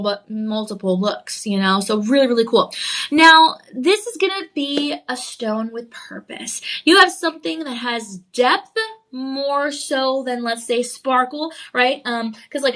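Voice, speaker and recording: A woman's voice: high voice, sharp tone. A woman hosting a live jewelry sales show, gushing with enthusiasm, full of ums and little laughs. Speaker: shopping channel jewelry host. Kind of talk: live on-air sales pitch. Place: TV studio.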